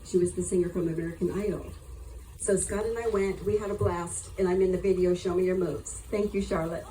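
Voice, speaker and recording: Woman, eulogy speaker, earnest and affectionate, mellow tone, light noise behind. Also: lowish voice, steady tone, brisk, rough recording. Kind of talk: heartfelt memorial tribute. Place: memorial gathering.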